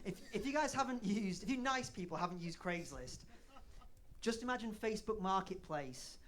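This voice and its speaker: A man's voice: high-pitched, lively intonation, normal speed, a bit bright. A man in his thirties from northern England doing a live stand-up set, bantering with the crowd in a sweary, self-deprecating way. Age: 30s. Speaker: stand-up comedian. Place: comedy club stage.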